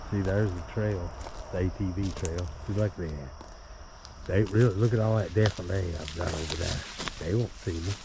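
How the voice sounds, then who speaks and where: A tipsy man vlogging by a river on a handheld camera, rambling and cursing with chuckles in between. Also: sits low. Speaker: bikepacking vlogger. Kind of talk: rambling outdoor vlog. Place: outdoors by a river. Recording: outdoor recording with loud nature noise. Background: crickets and insects.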